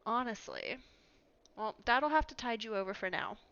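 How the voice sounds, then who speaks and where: A woman's voice: fairly high pitch, expressive, moderate pace, a bit bright, clear, resonant tone, muffled recording. A woman streaming a game from home, chatting casually, laughing often and talking to her cat. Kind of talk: casual chat while playing a game.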